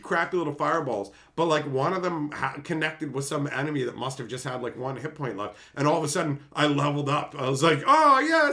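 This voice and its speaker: Host, male, casual storyteller, voice swings up and down a lot, salty language. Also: medium pitch. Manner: animated, swears, acts out quotes in different voices. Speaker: channel host.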